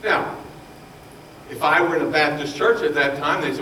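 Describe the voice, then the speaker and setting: A man preaching a sermon, telling his own story with passion, his voice rising loud and falling hushed. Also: a little high, moderate pace, slight background noise. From Baltimore, Maryland. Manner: impassioned, swings from loud to hushed. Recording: roomy echo, voice from far off.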